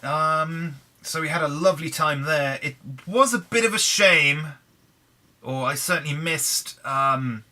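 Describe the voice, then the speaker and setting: A man's voice: a little high, measured pace, sharp tone. An English man giving casual, wry, self-deprecating commentary as he plays Minecraft. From England. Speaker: gaming channel host.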